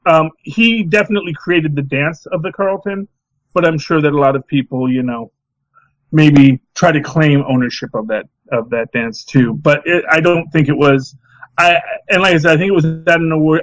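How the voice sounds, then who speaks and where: A middle-aged man co-hosts a casual podcast chat, his voice sitting a little higher than most men's. He rambles in an animated way, restarting sentences as he goes. The sound is dry and close. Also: no echo, low-quality recording. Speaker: podcast co-host.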